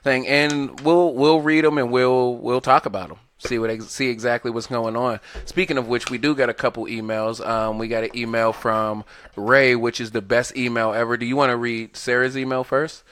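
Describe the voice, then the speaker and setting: A man's voice: medium pitch, fairly even intonation, moderate pace, a bit bright, clear, resonant tone. A man co-hosting a casual podcast chat, rambling, repeating himself and laughing often. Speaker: podcast co-host.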